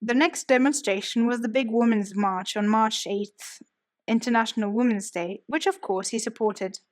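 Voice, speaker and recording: A woman narrating a biography audiobook in a steady storytelling manner. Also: on the high side, normal speed. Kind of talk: scripted narration.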